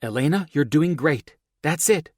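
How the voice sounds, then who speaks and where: A male audiobook narrator voicing a capable woman who takes charge, with a cool, calm, encouraging manner. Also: a little high, measured pace, no room sound, studio quality, voice pushed up. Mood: coaching calmly. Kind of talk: audiobook character voice.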